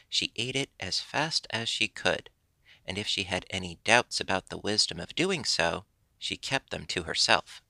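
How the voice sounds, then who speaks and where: A man narrating a children's animal story in a measured, gently storytelling way. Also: fairly low pitch, vocal fry, dry recording. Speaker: audiobook narrator. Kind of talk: storybook reading.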